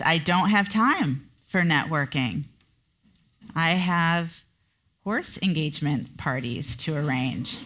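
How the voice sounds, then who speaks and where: A middle-aged woman hosts a solo coaching podcast, talking slowly and deliberately. Her voice sits fairly low. She brings her points to life by playfully acting out inner voices. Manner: animated, acts out inner voices in a high pitch. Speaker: podcast host and business coach.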